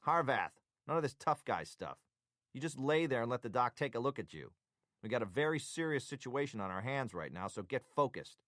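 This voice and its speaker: Voicing a stern, commanding boss, this male performer raises his pitch above his natural register, landing a little high. He sounds animated at normal speed with a fairly bright tone, captured dry and at studio quality.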